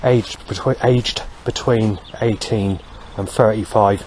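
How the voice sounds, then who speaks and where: A man's voice: lowish voice, fairly even intonation, slow, darkish tone, a little hiss or hum. A man rambling through a walking monologue outdoors, full of fillers and asides. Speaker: vlogger. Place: outdoors on a street.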